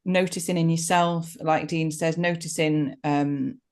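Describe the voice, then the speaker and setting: A woman in her forties co-hosting a coaching podcast, giving gentle, practical advice in a casual way. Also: low voice, steady tone, measured pace.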